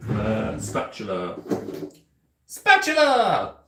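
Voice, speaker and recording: A man's voice: mid-range voice, big pitch swings, unhurried. A man doing a campy demon owl prince. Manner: campy, theatrical, giggly, calls chat darling. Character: flamboyant aristocratic male owl demon prince. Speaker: cosplay streamer. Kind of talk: in-character cooking livestream. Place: apartment kitchen. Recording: echoey kitchen with background noise.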